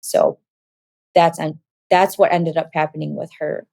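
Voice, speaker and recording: A woman with a low, mellow voice tells her life story as an interview guest. She slips into what people said as she goes, and her voice sounds close and dry. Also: unhurried, creaky, dry recording. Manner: animated, acts out dialogue in quoted voices. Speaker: guest giving a testimony. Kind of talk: personal testimony storytelling.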